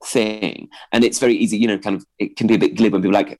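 A man's voice: lowish voice, steady tone, very fast, darkish tone, poor audio. A man in his thirties with a posh-sounding voice, a comedian guest in a radio interview, talking hesitantly with many restarts. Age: 30s. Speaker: stand-up comedian.

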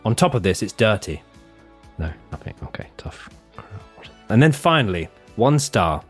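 Deep voiced guy on a podcast reading out reviews, jokey, faint music under it. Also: normal speed, slightly rough. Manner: reads reviews in a lively, jokey voice. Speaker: podcast host. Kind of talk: casual chat, reading reviews aloud.

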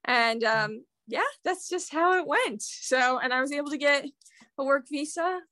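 A young woman with an American accent chats casually as a podcast guest. Her voice sits fairly high, and she leans on "like" and "um" as she talks. The sound is dry and close. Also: a little slow, pushed and bright, dry recording. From Kansas City, USA. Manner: chatty, many fillers like "like" and "um". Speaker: guest, secondary English teacher. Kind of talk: casual chat.

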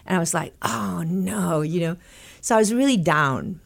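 A middle-aged woman from Texas tells a long story as an interview guest, her voice sitting on the low side. She talks in animated, tumbling bursts and slips into the voices of the people she quotes. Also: moderate pace, vocal fry. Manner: animated, breathless anecdote-telling with quoted dialogue. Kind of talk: conversational storytelling.

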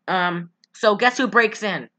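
A woman in casual chat, recapping a movie in a rambling, giggly way and putting on quick voices for the characters. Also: medium pitch, sharp tone. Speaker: podcast co-host recapping a movie.

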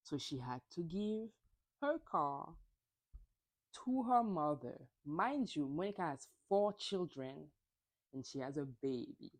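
A woman hosts a casual solo podcast, recapping in a chatty, gossipy way and swearing freely. Her voice sits fairly low but swings widely in pitch. She jumps into high, mocking voices whenever she acts out a quote. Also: expressive, slow. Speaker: podcast host.

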